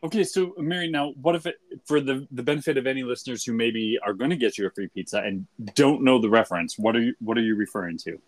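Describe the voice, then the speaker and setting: A man's voice: medium pitch, fast, hardly any pauses, no echo. A man co-hosting a podcast, chatting casually with wry, dry humor and making his case. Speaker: podcast co-host. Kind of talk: casual chat.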